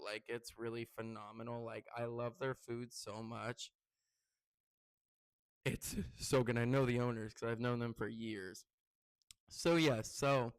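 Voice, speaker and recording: A man's voice: clean tone, dry recording. A young man hosting his own podcast, chatting casually and rambling through stories with many fillers. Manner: gets loud and high-pitched when excited. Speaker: podcast host. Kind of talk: casual solo podcast chat.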